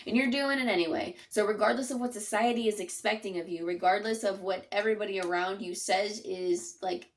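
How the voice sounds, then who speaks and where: A woman giving a casual spoken tarot reading to her viewers, earnest and chatty, leaning on "like" and "it's almost like". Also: mid-range voice. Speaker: tarot reader.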